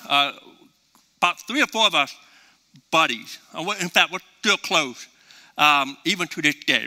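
A man preaching a sermon and telling a story in a folksy, animated way. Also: on the high side. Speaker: pastor. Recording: reverberant hall.

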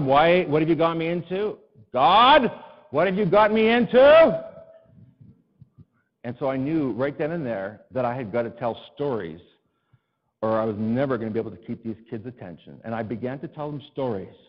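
A man preaching a sermon as a pastor, telling stories from his own life with humor at his own expense. His voice sits at an ordinary middle pitch and climbs into exasperated pleas. The sound is slightly dull and carries a long hall reverb. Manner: animated, self-deprecating, rising to exasperated cries. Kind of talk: storytelling sermon.

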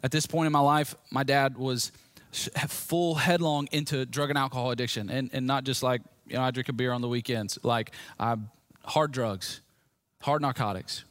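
A man preaching a personal testimony sermon to a room, speaking candidly and swinging between hushed storytelling and loud, emphatic points. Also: mid-range voice, fairly even intonation, moderate pace, no echo, studio quality. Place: room with a live audience.

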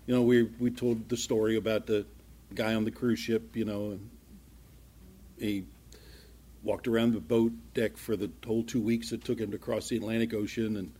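Husky-voiced man preaching a sermon. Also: on the low side, little pitch movement, moderate pace. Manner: conversational, acts out small dialogues, grows louder and more fervent. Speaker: pastor.

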